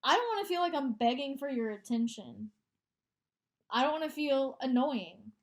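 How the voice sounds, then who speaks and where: A woman's voice: high voice, expressive, moderate pace. A woman co-hosting a casual podcast chat, blunt and swearing as she gives her take. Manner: supportive interjections, blunt swearing. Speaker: podcast co-host.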